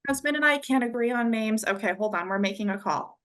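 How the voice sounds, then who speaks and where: A woman's voice: a little high, quick pace, background noise. A woman, the client on a call, talking casually and eagerly about her situation. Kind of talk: casual conversation over a call.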